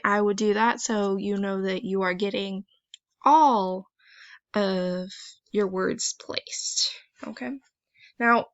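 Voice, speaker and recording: A woman teacher talking students through an online phonics assignment, gentle and encouraging, step by step. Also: mid-range voice, no echo. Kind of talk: recorded online lesson walkthrough. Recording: dry, slightly dull screen recording.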